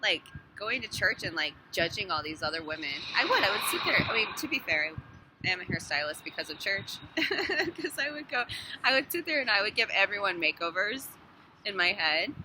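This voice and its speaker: A woman who works as a hairstylist talks casually to the camera, lively and frank, swearing now and then. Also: medium pitch, fairly quick. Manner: animated, swears, laughs between thoughts. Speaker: hairstylist vlogger. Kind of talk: casual phone monologue. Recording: noticeable background noise.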